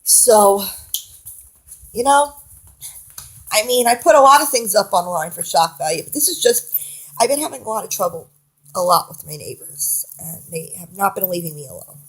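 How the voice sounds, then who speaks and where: A woman's voice: medium pitch, expressive, moderate pace, pauses often. A woman vlogger in a rambling, digressive monologue, talking candidly and a little wheezy.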